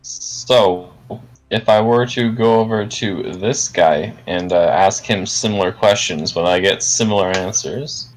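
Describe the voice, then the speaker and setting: A man's voice: low voice, measured pace, poor audio. A man playing a tabletop role-playing game, joking and hesitant, with some swearing. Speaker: player. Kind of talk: casual tabletop game play.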